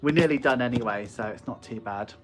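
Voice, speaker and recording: A man's voice: mid-range voice, fairly quick. Chatty West Country man streaming live. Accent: West Country English. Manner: chatty, reads viewer comments aloud, laughs often. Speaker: online shop owner streaming live. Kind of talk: casual live-stream chat.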